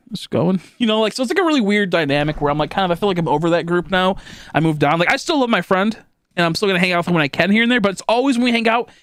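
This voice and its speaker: A man's voice: a little high, a bit bright, dry recording, clean studio sound. A young man streaming live, chatting casually and rambling with lots of swearing, fillers and restarts while he thanks viewers.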